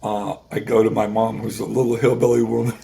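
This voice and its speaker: A man in his sixties, a guest, telling an emotional personal story in a halting way, often restarting and repeating words. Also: lowish voice, little pitch movement, creaky, warm tone. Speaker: guest musician.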